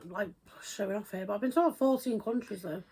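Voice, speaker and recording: A woman with a husky, breathy voice chatting on a podcast. She talks earnestly and rushes through her thoughts in quick bursts. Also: medium pitch, a little mellow. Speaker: podcast co-host. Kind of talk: casual chat.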